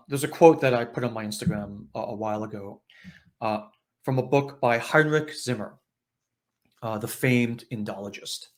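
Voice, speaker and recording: Man giving a rambling spiritual talk. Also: mid-range voice. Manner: conversational, many filler uhs and restarts. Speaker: host of an online spiritual session.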